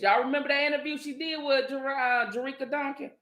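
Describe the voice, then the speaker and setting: A woman's voice: high voice, steady tone, a little fast, fairly bright tone, echoey room. A woman giving a blunt, profane commentary monologue straight to her viewers. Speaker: channel host.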